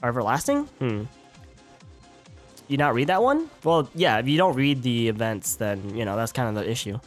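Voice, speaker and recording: A man's voice: mid-range voice, sing-song, normal speed, soft background music. A man streaming a game live, chatting casually, stumbling over words and joking with his chat.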